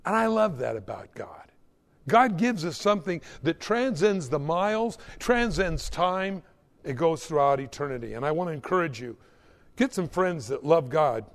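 A male preacher giving an animated, exhorting sermon in an echoey hall. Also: on the high side, normal speed.

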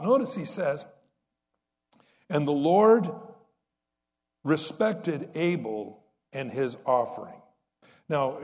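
A man's voice: fairly high pitch, darkish tone, big-room sound. A man preaching a sermon in a conversational way, asking the congregation rhetorical questions. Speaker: pastor.

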